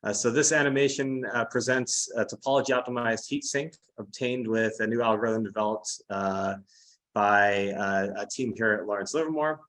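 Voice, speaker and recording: A man with a fairly low voice hosts an online technical workshop and announces contest winners. He explains simulations in a relaxed, casual way, with plenty of "uh" fillers between phrases. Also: normal speed, rough recording. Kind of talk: presenting over a video call.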